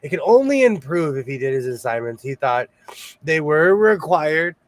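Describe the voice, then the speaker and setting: Lively, laughing man hosting a chat. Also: on the high side, normal speed, dry recording. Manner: animated storyteller who laughs often. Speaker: host of a sewing show; single father. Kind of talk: casual chat.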